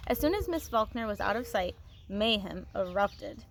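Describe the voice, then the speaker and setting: A woman teacher reading a novel aloud to her students, expressive, with small restarts, on a phone. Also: mid-range voice, moderate pace, vocal fry, a little hiss or hum.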